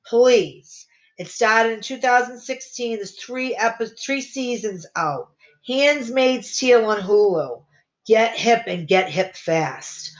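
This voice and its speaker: A woman's voice: lowish voice, poor audio. A woman in her thirties hosts a casual podcast and rants at her listeners. Her delivery is fiery and profane, and she rambles, breaks off and restarts her sentences over and over. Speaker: podcast host.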